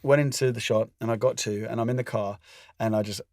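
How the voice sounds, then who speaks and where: A man's voice: on the low side, steady tone, fast, darkish tone, no echo. A man co-hosting a parenting podcast, telling a story in casual chat and laughing at his own mishaps. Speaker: podcast co-host.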